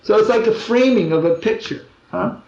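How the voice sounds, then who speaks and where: High-voiced man giving a roomy talk. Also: normal speed, vocal fry, darkish tone. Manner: conversational storytelling with wry humor. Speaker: swami giving a spiritual talk. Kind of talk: informal religious discourse with anecdotes. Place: gathering in a room. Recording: roomy dull lo-fi 2001 recording.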